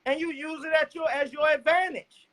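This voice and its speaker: A man preaching a loud, profane sermon and cueing a scripture reader. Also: extremely high pitch, steady tone, moderate pace, rough recording. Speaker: street preacher. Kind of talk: fiery street sermon.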